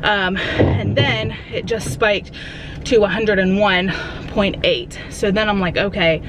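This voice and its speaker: Chatty vlogging mom over background noise. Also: female voice, mid-range voice, slow pace. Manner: chatty, animated storytelling, addresses viewers directly. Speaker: vlogger mother. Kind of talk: casual vlog talk to camera. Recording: noisy background.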